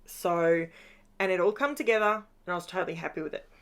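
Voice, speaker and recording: A woman's voice: lowish voice, expressive, quick pace, smooth. A middle-aged woman, chatting casually as she narrates her scrapbooking, tired after a long day. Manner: chatty, upbeat, rambling asides. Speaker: craft vlogger.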